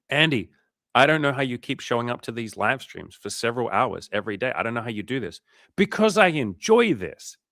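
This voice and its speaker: A man's voice: mid-range voice, fairly bright tone, no room sound, clean studio sound. A man coaching on a livestream in a casual, profane and fired-up way, talking emphatically. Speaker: dating coach.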